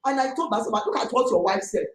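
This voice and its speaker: Emphatic middle-aged Nigerian woman, high-pitched. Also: fast talker. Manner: emphatic, excitable, talks forcefully. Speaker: landlady in a dispute. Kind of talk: heated complaint. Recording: echoey room.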